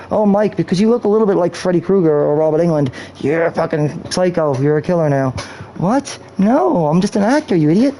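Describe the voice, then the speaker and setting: A man's voice: high-pitched, gravelly, warm tone, a little hiss or hum, rough recording. A man live-streaming a video game, talking in a rambling, profane, off-topic way into a cheap microphone. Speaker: gaming streamer. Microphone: cheap streaming mic.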